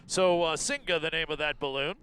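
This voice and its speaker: A man's voice: on the high side, steady tone, fairly quick, pushed and bright, a little hiss or hum. A man co-commentating a live event, easygoing and adding details. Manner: easygoing, adds details and agrees.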